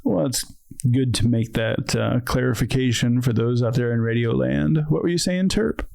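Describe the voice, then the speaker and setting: A man's voice: medium pitch, normal speed, gravelly, a little mellow. A man hosting a casual political chat show, wry and sardonic as he steers the talk among his guests. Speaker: host.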